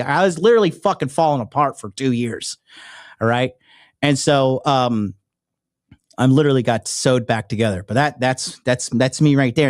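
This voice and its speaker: A man talking straight to his viewers in a loose, rambling way, swearing often and leaning hard on his points. His voice sits at a middle pitch. The sound is close and dry, with no room echo. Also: darkish tone. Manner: rambling, profane, emphatic. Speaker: online dating coach and YouTuber. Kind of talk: casual direct-to-camera chat.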